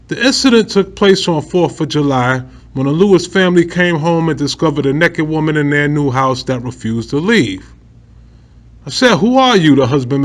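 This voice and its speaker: Slangy guy w/ aave doing news talk, higher voice, laughs a lot, super animated. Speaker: news commentary host. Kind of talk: casual news commentary.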